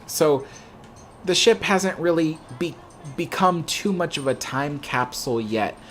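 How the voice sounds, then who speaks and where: A man's voice: a little high, lively intonation, unhurried, a bit bright, slight background noise. A young man hosting a livestream, chatting casually in a rambling way with lots of "you know" fillers. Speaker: livestream host. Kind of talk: casual chat answering viewer questions.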